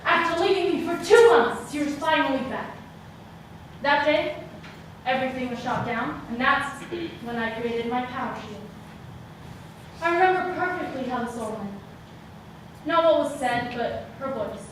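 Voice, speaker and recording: A young woman performing a solo stage monologue, dramatic, moving between hushed and shouted lines, recorded live from a distant mic on a theater stage. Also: high-pitched, lively intonation, unhurried, pauses often, slight background noise. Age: young adult. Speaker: student performer. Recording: echoey hall sound from a distant mic.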